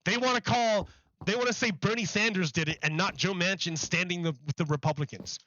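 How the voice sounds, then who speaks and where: A man's voice: sits high, brisk, sharp tone, no echo, dull audio. A man on a live stream ranting about politics, emphatic and mocking, repeating himself for effect.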